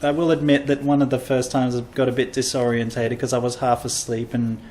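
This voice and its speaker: A man's voice: mid-range voice, level tone, fairly quick, a little mellow, slight background noise. An Australian man, a comedian hosting a casual podcast, rambling through travel stories and acting out quoted lines.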